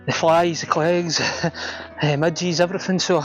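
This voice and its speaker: A Scottish man chatting casually while hiking outdoors on a mountain ridge, out of breath and relaxed. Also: on the high side, measured pace, soft background music. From Scotland. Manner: relaxed and chatty, says wee and aye often. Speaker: hiking vlogger. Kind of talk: casual outdoor vlog narration.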